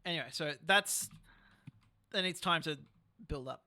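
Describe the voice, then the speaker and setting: A man's voice: a little high, measured pace, pushed and bright. Man explaining his game build. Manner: explains patiently, laughs easily. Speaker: guest player. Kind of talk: casual gaming chat.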